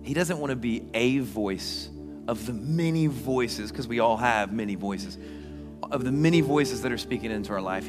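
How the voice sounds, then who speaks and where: A male pastor delivers a sermon, telling animated stories before slowing to a hushed, deliberate voice. His voice sits at a middle pitch and rings with long reverb through a large hall. Faint music plays underneath. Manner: animated storytelling that drops to a hushed, slow delivery.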